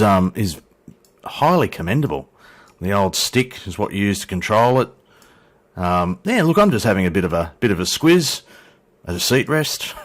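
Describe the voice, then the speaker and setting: Deep-voiced Australian man rambling. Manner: chatty, self-deprecating, swears casually. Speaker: flight sim YouTuber. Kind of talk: rambling casual commentary.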